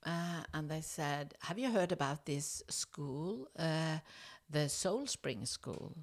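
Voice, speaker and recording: Slow, hesitant woman. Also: low-pitched, creaky. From Norway. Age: middle-aged. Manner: hesitant, many fillers and restarts, lively when acting out dialogue. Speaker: interview guest. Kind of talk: casual conversational storytelling.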